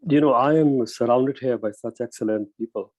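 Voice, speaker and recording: A man's voice: medium pitch, moderate pace, darkish tone, no echo, low-quality recording. A man with a New York accent giving modest, chuckling remarks as a guest on a video call. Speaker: guest banker.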